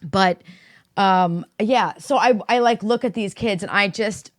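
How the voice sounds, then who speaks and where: A middle-aged woman telling stories in casual chat, profane and animated, acting out what people said. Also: medium pitch, measured pace, no room sound. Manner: profane, animated storytelling with acted-out quotes. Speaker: podcast co-host.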